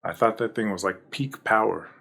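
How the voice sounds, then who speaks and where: Low gravelly guy doing chill jokey reaction commentary, laughs a lot. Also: moderate pace, a bit bright. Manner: chatty, jokey, laughs often. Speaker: reaction video host.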